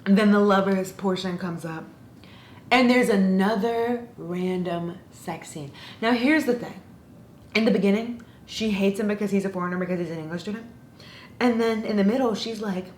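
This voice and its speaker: A woman's voice: medium pitch, normal speed. A woman casually ranting in a book review, sarcastic and exasperated. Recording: roomy echo with faint noise.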